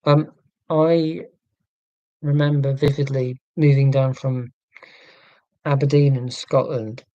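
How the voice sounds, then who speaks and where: A man's voice: mid-range voice, little pitch movement, takes it slowly, mellow, no echo, muffled recording. A man from southern England hosting a casual live stream, reading chat and musing in a tangential, self-deprecating way. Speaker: livestream host reading chat.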